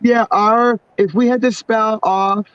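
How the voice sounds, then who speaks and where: This livestream host, a middle-aged woman with a New York accent, takes it slowly in a fairly high, clear, resonant voice with fairly even intonation. She chats bluntly with family, often swearing and laughing; the sound is dull and muffled but without echo.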